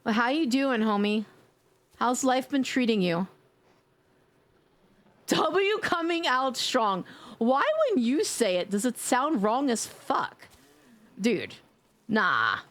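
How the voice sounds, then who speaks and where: A woman's voice: fairly high pitch, big pitch swings, takes it slowly, pauses often, a bit bright. Playful swearing young woman streamer. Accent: New York. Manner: playful, swearing, laughing often. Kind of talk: casual live-stream chat.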